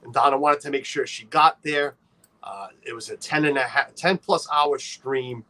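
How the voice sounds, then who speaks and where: A man's voice: medium pitch, moderate pace, sharp tone. A man hosting a casual livestream, chatty and playful, greeting viewers by name and teasing his co-host.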